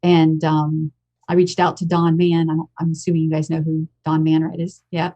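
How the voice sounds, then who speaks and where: A woman's voice: sits low, monotone, normal speed, warm tone, lo-fi sound. An American woman in her fifties, a podcast guest telling her own story in a frank, emotional and blunt way. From United States. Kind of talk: candid personal storytelling.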